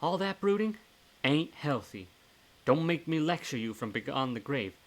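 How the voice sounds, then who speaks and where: A man's voice: fairly high pitch, sing-song, a little slow, voice pushed up. A man voicing a blunt old woman ghost. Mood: scolding. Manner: put-on accent, scolding and teasing. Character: elderly woman ghost, warm, blunt, motherly. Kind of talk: live reading of a horror novel.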